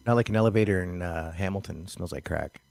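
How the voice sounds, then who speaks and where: A man who chats casually and drops deadpan one-liners. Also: sits low, fast, gravelly. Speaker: podcast guest. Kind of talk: casual crude comedy chat.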